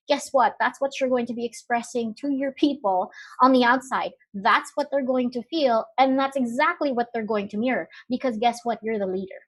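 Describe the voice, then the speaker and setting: A woman speaking on a live webinar, talking in a conversational way with many fillers and rhetorical questions. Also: a little high. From Philippines.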